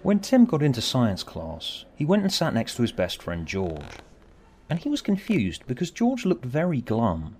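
A man reading his own story aloud, expressive, moving between bright and hushed. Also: mid-range voice, normal speed, a little hiss or hum. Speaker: author and narrator. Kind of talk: storybook narration.

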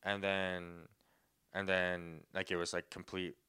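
A man's voice: low voice, level tone, slow, smooth. Laughing, rambling young man storyteller. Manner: rambling with many "like"s, bursts into loud laughter. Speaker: podcast co-host, comedian. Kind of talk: casual storytelling chat.

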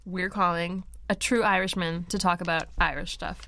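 A woman co-hosting a casual podcast, playful and quick to laugh. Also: lowish voice, fairly even intonation, vocal fry, very noisy. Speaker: podcast co-host.

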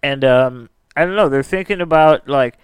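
Podcast host, male, chatty narrator with a resonant voice in a dead-quiet room. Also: a little high, moderate pace, clear, resonant tone, dry recording, highs cut off. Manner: chatty, lots of filler "like". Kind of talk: casual storytelling.

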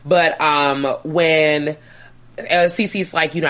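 A woman's voice: slow pace, clean tone. A woman co-hosting a podcast, animatedly recapping a film plot in casual chat. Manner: animated recapping, swoops into high put-on voices and hums. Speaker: podcast co-host.

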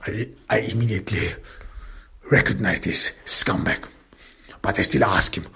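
A male storyteller recounts a grim tale in the first person with barely contained rage. His voice is low, gravelly and very husky, and he takes his time. He often drops into a tense whisper. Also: measured pace, sharp tone. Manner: intense, angry, breaks into whispers.

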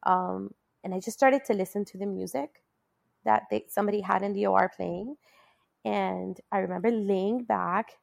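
Her medium-pitched voice is gravelly and moves at a moderate pace, with no room sound. Appearing as a guest in a relaxed chat, she shares a personal story, chatty and often laughing, lifting into lively quotes.

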